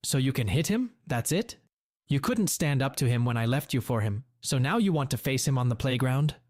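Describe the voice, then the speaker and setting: A man voicing a cold, scornful, wealthy middle-aged woman in a story reading, sharp in tone. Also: mid-range voice, expressive, moderate pace, dry recording, clean studio sound, lightly acted.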